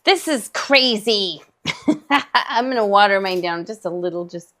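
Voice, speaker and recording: A woman's voice: mid-range voice, lively intonation, a little slow, sharp tone. Chatty, laughing female co-host. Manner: chatty, laughs easily, rambling asides. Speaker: co-host painting along. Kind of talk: casual chat during a painting livestream.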